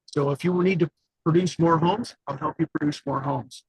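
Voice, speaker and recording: A man's voice: on the high side, steady tone, normal speed, breathy edge, no room sound, rough recording. A man speaking emphatically about his purpose while driving a car. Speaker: business leader, guest's companion.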